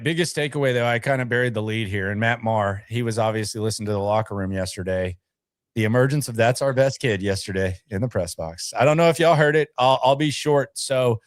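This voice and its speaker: A man's voice: medium pitch, no echo, clean studio sound. A man co-hosting a casual sports talk show, chatting about football and reading viewer comments aloud.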